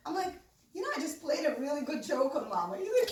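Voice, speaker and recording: A woman's voice: high-pitched, very animated, fast talker. A woman telling comic stories in a casual way, laughing often and acting out the voices of her family. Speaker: storyteller. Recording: roomy sound from a distant mic, faint noise.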